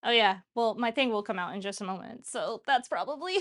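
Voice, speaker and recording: A woman's voice: a little high, normal speed, few pauses, fairly bright tone. A young woman hosting a home cooking show, chatting casually and joking at her own expense while she cooks. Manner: chatty, self-mocking, talks while cooking. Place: home kitchen.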